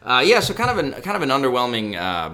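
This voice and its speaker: A man co-hosting a podcast, talking baseball in a chatty, casual way, with many fillers and excitable asides. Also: medium pitch, fast talker. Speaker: podcast co-host. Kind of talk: casual sports chat.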